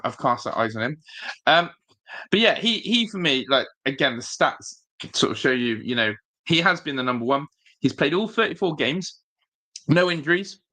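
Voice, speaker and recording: A man hosts a casual football live stream, rambling through his thoughts and answering viewers' comments. His voice sits mid-pitch with a bright, forward edge, and he speaks with plenty of fillers and restarts. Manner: chatty, rambling, reads viewer chat aloud. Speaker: football fan channel host.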